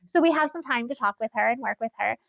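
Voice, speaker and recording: A woman co-hosting a casual podcast, telling stories in an animated way and laughing often. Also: on the high side, fast, vocal fry, no room sound, muffled recording. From Iowa. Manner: animated storyteller, laughs often, acts out quoted people. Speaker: podcast co-host.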